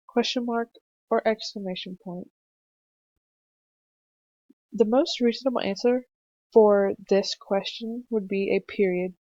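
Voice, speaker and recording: A young woman narrating a screencast punctuation lesson for children, explaining slowly and patiently with some fillers. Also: mid-range voice, warm tone, no room sound. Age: young adult. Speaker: student teacher presenting a lesson. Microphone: computer mic for a screencast. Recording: dry, slightly dull home mic recording.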